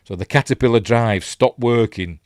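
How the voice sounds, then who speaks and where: Speaking at normal speed in a mid-range, darkish voice, a Yorkshire-accented film reviewer meanders through a movie breakdown, peppered with ums and asides he forgets. The studio-quality audio has no echo.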